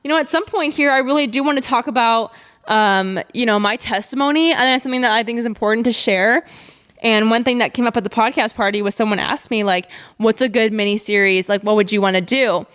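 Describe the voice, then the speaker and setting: A woman's voice: on the high side, brisk, a bit bright, smooth. A young woman hosting a solo podcast, talking casually and chattily with lots of fillers and trailing "blah, blah.". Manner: chatty, filler-heavy, says blah blah often. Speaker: podcast host.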